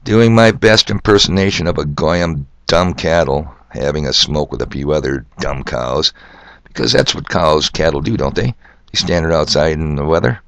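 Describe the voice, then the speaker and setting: A man's voice: very deep voice, normal speed, vocal fry, a bit bright. An older man hosting a solo podcast monologue, rambling and sardonic, asking rhetorical questions and spelling words out letter by letter. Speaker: podcast host.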